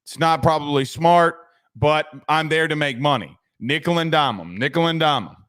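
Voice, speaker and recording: A man's voice: a little high, moderate pace, fairly bright tone. A man hosting a sports podcast, chatting loosely and reading viewer comments, with frequent restarts and casual swearing.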